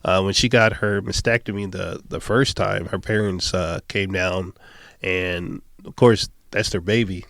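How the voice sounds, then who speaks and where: Easygoing low-voiced storytelling man. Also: fairly even intonation, unhurried, gravelly, fairly bright tone, no room sound. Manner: easygoing storyteller who laughs often. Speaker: podcast guest. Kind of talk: casual podcast conversation.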